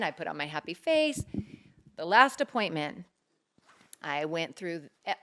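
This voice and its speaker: Low-voiced woman sharing a personal story. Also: unhurried, long pauses. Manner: earnest, animated retelling with quoted dialogue. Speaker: podcast co-host. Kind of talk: personal storytelling, casual chat.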